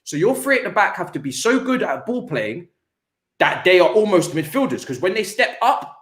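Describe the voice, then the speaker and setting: A man hosting a casual football podcast, talking in an animated way with frequent restarts and repeated words. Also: high-pitched, normal speed, reverberant. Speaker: podcast host.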